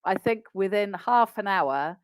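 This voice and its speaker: A woman's voice: mid-range voice, lively intonation, unhurried, smooth, dry recording. A woman with an English RP accent, a business English coach, explaining practical tips in an upbeat conversational interview.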